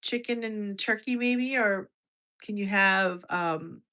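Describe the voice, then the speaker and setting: A woman's voice: mid-range voice, slow pace, sharp tone. A woman from the United States in her fifties, hosting a casual livestream, chatty and restarting sentences as she reacts to viewer comments. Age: over 50. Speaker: health livestream host.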